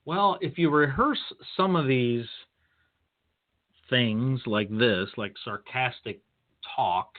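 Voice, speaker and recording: Slow, tinny-sounding male podcast host. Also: mid-range voice. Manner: deliberate, lecturing storyteller. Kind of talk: career advice monologue. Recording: tinny phone-line sound.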